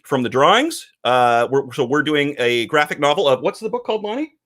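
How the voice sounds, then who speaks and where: Man, podcast co-host, lively swooping pitch, fairly high voice, animated casual chat. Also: a little fast. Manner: animated, acts out quoted voices. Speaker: podcast co-host, comic publisher.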